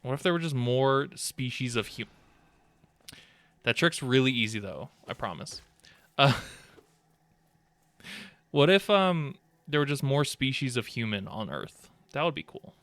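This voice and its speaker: A man's voice: mid-range voice, lively intonation, unhurried, long pauses, fairly bright tone. A man streaming a video game live, rambling and joking as he plays, swearing often, into a desk microphone. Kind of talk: casual live gameplay commentary.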